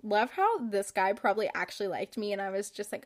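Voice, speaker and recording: A woman's voice: mid-range voice, expressive, quick pace, few pauses. A young woman hosting a podcast, reading her old journal aloud in casual chat, sarcastic and giggly, swearing freely. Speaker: podcast host.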